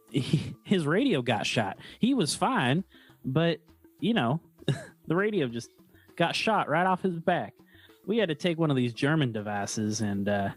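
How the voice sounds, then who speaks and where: A man's voice: medium pitch, natural voice. A man playing a plain-spoken army private, talking in a folksy, rambling drawl full of fillers.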